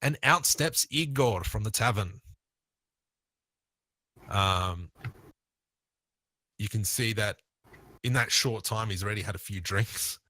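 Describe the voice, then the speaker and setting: A man with an Australian accent narrating a tabletop game as game master, relaxed and thinking aloud. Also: lowish voice, no room sound.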